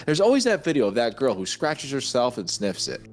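A man's voice: mid-range voice, very animated, fairly quick. A man co-hosting a film podcast in a joking, crude way, laughing often. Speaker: podcast co-host. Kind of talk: casual film chat. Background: faint synth music.

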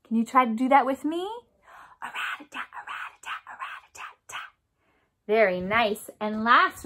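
Woman music therapist for small kids: high, unhurried, sing-song delivery. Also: fairly bright tone. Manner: sing-song, coaxing teacher talk with call-and-response; imitates instrument sounds with her voice. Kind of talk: remote music lesson for young children.

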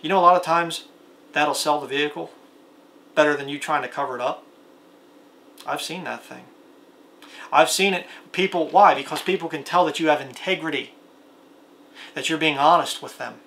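Gravelly-voiced man preaching a sermon. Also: a little high, moderate pace, pauses often, fairly bright tone, a little hiss or hum. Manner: plain-spoken, rhetorical questions, reads scripture aloud. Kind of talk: video sermon.

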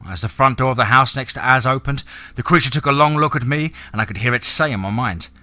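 A man narrating a scripted horror story in a measured, dramatic way. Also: medium pitch, pushed and bright, no room sound.

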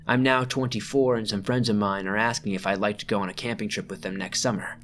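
A man reading out a first-person scary camping story as a narrator, measured and slowing down at the tense moments. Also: fairly low pitch, fairly even intonation, fairly bright tone, a little hiss or hum. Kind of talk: scripted narration.

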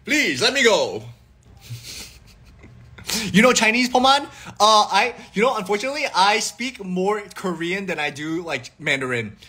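A young man in his twenties talks live to his viewers, rambling and joking, and he keeps restarting his sentences. His voice sits fairly high and sounds bright. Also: measured pace, long pauses. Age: 20s. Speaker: livestream host. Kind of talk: casual live stream chat. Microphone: phone livestream.

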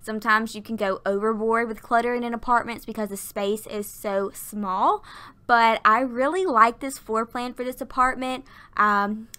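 Woman, 20s, bright tone, out of breath, chatty, casual voiceover, USB mic. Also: fairly high pitch, fairly even intonation, moderate pace, smooth. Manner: chatty and rambling, laughs often. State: tired and out of breath. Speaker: YouTuber narrating a Sims build. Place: workplace. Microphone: desktop USB mic.

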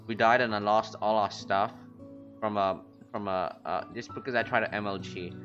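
A man streaming a game, rambling casually to his chat with quick excited outbursts. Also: fairly low pitch. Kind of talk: casual gaming commentary. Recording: lo-fi stream audio with faint music.

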